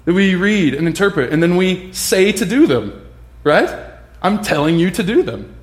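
A pastor delivers a casual, conversational sermon in a high-pitched voice at a moderate pace. Animated, he acts out the voices of the people in his story, and the room sounds echoey.

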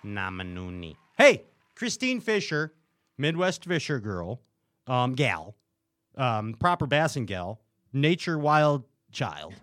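Lively, playful male podcast host. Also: fairly high pitch, slow pace, no echo. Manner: playful, jokey, bursts of excitement. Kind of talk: casual podcast chat.

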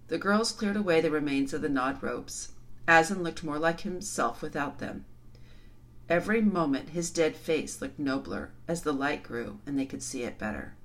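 A woman reads a children's novel aloud with expressive, dramatic storytelling. Her voice sits low but moves a great deal in pitch, giving the narration life. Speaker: storybook reader.

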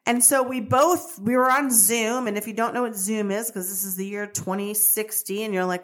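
A woman at an ordinary pitch shares a personal story as a podcast host. She talks in a chatty, animated way and drifts into side comments before she comes back to her point. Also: normal speed, few pauses.

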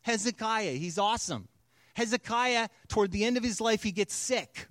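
A man's voice: high-pitched, normal speed, fairly bright tone, no echo, studio quality. A man preaching a sermon, telling stories in a conversational, casual way. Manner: conversational storytelling. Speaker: pastor.

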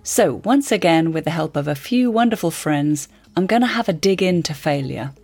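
A podcast host with a low, grounded voice. She narrates in a wry, conversational way. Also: animated, normal speed, darkish tone, slightly rough, no echo, faint music behind. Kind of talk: scripted narration and interview.

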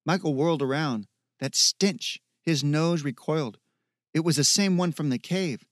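A man reads fantasy prose aloud in a steady, measured way. His voice sits a little higher than most men's, and the recording is dry and close. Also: no room sound. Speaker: narrator. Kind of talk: audiobook narration.

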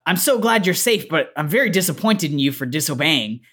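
A woman's voice: deep voice, animated, a little fast, fairly bright tone, breathy edge, full character voice. Lady doing a generic game dad, stiff and preachy. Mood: stern. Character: Robert, stern generic video-game dad.

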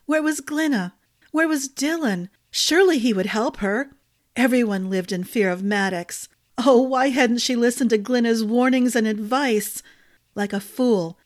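Woman narrating a fantasy audiobook. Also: medium pitch. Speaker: storyteller.

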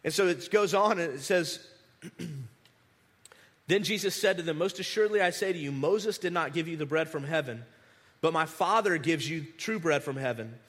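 A man preaching a conversational sermon, animated, restarting words and acting out the people he quotes. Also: on the high side, moderate pace, husky, big-room sound. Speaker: pastor.

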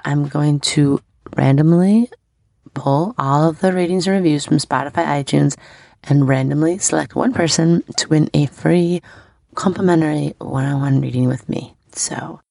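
Woman podcast host, thirties, bubbly and chatty, gravelly fry, dry close mic. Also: sits low, darkish tone, no room sound. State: scratchy voice. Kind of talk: casual podcast chat.

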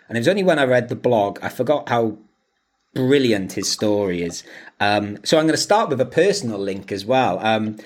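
A man's voice: fairly low pitch, lively intonation, moderate pace. Chatty rambling male podcast co-host. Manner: rambling, lots of fillers and restarts, laughs often. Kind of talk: casual chat.

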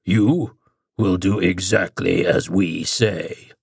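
Cold, deep-voiced alien presence, put on by a male storyteller: slow, growling commands in a dry, close read. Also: creaky, breathy edge, no room sound, exaggerated voice. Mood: commanding. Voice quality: growling, much deeper register. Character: menacing alien entity speaking through a man's body.

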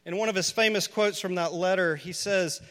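High, bright-voiced man preaching a sermon. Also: moderate pace, in a large hall. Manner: earnest, builds to loud pleading questions. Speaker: pastor.

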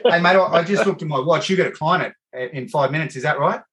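An Australian man hosting a casual podcast chat. He tells animated, rambling stories and calls people "mate" often. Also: on the high side, quick pace. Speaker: podcast host.

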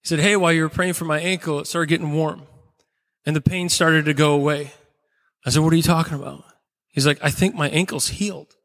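A pastor preaching a sermon, telling a personal story earnestly with dramatic pauses. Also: male voice, on the high side, steady tone, a bit bright, long reverb tail.

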